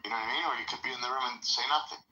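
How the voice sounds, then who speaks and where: Rambling bright-voiced man. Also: mid-range voice, steady tone, rapid-fire, rough recording. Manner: rambling, many fillers. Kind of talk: casual livestream chat, storytelling.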